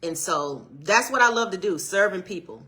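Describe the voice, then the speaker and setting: A woman's voice: mid-range voice, animated, moderate pace, pushed and bright. A middle-aged woman, chatting casually on a livestream and greeting viewers in a preacherly way. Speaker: channel co-host and minister.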